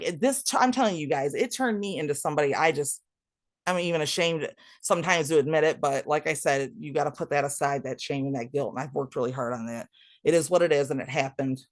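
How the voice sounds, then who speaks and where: A woman's voice: low voice, no echo. Blunt, candid woman telling her story. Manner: raw, blunt, swears freely, speaks to listeners directly. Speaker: podcast guest telling her recovery story.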